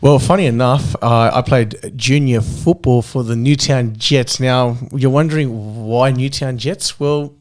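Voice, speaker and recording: A man's voice: mid-range voice, fairly even intonation, a little slow, few pauses. Man, Australian accent, podcast co-host, rambling storyteller, casual chat. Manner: chatty storyteller with lots of fillers and laughs.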